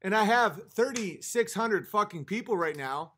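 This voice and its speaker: A livestream host with a high, expressive, somewhat bright voice speaks at normal speed while a little hiss or hum sits underneath. A few drinks in and slightly tipsy, he reads chat and fights with it in a profane, exasperated rant.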